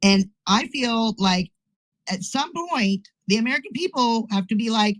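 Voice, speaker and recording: A woman's voice: medium pitch, expressive, fairly quick, dry recording. A woman co-hosting a political talk podcast, speaking in an indignant, emphatic way. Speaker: podcast co-host.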